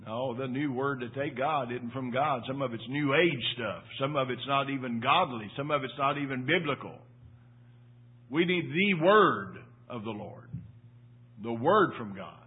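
An older man preaching a sermon in church, swinging from loud emphatic peaks to low quiet asides and repeating phrases for emphasis. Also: moderate pace, husky. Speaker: pastor. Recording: tinny phone-like sermon audio.

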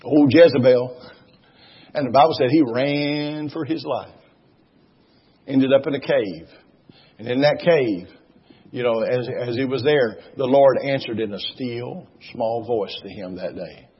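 A male preacher delivering a sermon, emphatic and repetitive, rising into loud exhortation. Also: mid-range voice, unhurried, husky. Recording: dull lo-fi recording.

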